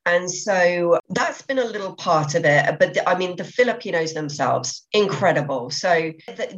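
Casual: low-pitched woman on a podcast, eager, keeps restarting her words, kinda dull lo-fi sound. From England. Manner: enthusiastic, many restarts and repeated words. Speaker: podcast guest, business owner. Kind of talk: podcast interview. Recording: slightly dull lo-fi audio.

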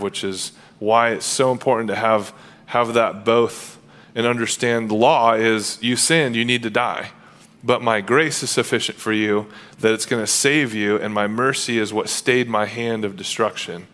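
A man's voice: fairly low pitch, fairly even intonation, moderate pace, a bit bright. A man preaching a sermon as pastor, earnest and conversational, acting out quoted dialogue along the way. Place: church sanctuary.

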